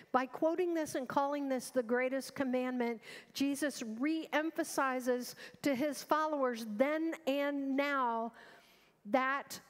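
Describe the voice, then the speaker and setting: A woman's voice: high-pitched, slow. A woman pastor preaching a sermon with earnest urgency, asking the congregation rhetorical questions. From United States. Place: large church sanctuary. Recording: long reverb of a church hall.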